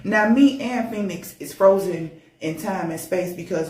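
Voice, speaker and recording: A woman tells a personal ghost story in casual, animated speech, often repeating words for emphasis. Her voice sits mid-range. The room adds a clear echo. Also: mid-range voice, measured pace, hardly any pauses.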